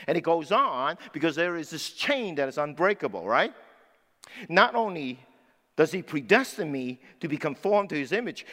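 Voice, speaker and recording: A man in his sixties preaching a sermon as pastor, swinging between loud emphatic lines and low, quiet asides. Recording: long hall reverb.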